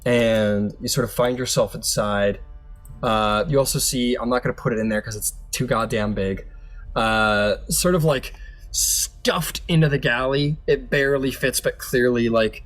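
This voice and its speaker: A man narrates a tabletop game as its game master, loose and chatty. His pitch sits in a middle range. Faint music plays under the session. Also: unhurried, a bit bright. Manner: loose, chatty, with fillers and laughs.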